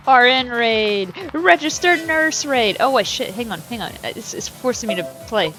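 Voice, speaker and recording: A woman's voice: a little high, expressive, a little slow, a bit bright, soft background music, poor audio. A woman streaming a new game, chatting with her viewers, giggling often and swearing freely. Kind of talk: casual live-stream commentary.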